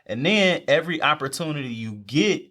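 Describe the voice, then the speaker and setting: A man's voice: fairly high pitch, animated, normal speed, sharp tone. A young man, talking faith casually and repeating phrases for emphasis. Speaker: podcast co-host. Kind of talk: faith talk among friends.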